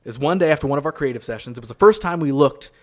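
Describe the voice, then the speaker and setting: A man's voice: mid-range voice, lively intonation, very fast, natural voice. A man improvising a bitter man who claims he invented famous cartoon characters, telling his story in a rambling, indignant, crude way. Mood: confiding. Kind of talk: improv comedy role-play.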